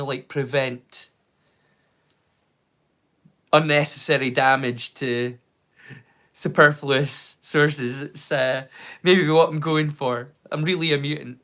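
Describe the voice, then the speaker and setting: Running a live watch-along stream, this Scottish man keeps the chat casual, wandering off into goofy rhymes and jokes. He sounds somewhat high and a little bright.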